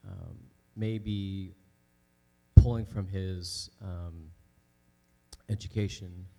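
Low gravelly man, slow halting church prayer, mains hum underneath. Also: steady tone, dark tone. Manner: halting, many ums and uhs. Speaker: church member leading prayer. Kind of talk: spoken prayer. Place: church sanctuary.

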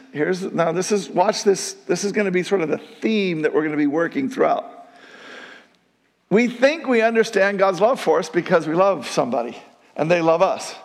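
A man preaching a sermon to his congregation in an animated, conversational way, with asides to the audience. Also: sits high, vocal fry, in a large hall. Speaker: pastor.

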